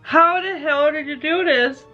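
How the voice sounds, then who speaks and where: A woman's voice: high-pitched, a little slow, bright, forceful tone, highs cut off, faint music behind. A woman vlogger unboxing gifts, giggly and tearful, gushing with happy emotion. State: crying happily. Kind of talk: emotional gift unboxing vlog.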